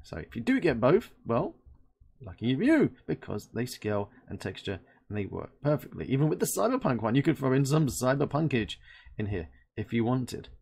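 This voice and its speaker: Gravelly london guy, casual review, thinks out loud, mid pitch. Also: very animated, normal speed. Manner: chatty and playful, thinking aloud. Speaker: host reviewing game assets. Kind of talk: casual screen-recording review.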